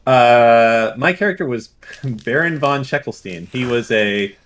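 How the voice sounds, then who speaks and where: A man's voice: mid-range voice, animated, a little slow, a bit bright. A young man co-hosting a call-in dating show, casual, crude and joking, swearing often. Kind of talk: casual streaming chat.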